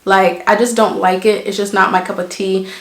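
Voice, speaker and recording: A woman's voice: medium pitch, flat delivery, normal speed. Blunt, sassy woman in a roomy space. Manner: blunt, emphatic, sassy, uses examples. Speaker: vlogger giving relationship advice. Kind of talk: casual chat to camera.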